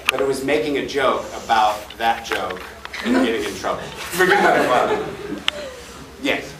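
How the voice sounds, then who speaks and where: A man teaching a voice-acting panel at a convention, animated and joking as he demonstrates sounds and takes questions from the audience. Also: mid-range voice, unhurried, background noise. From Chicago. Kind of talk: lively panel talk with audience Q&A. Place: large convention panel room. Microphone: fan camera from the audience, far from the speaker. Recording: echoey hall recorded from far off.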